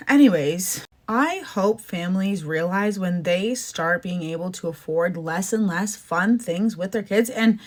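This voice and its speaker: A woman in her thirties from Canada, hosting a podcast in a casual, exasperated rant with frequent asides. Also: medium pitch. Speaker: podcast host. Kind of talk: casual opinion monologue.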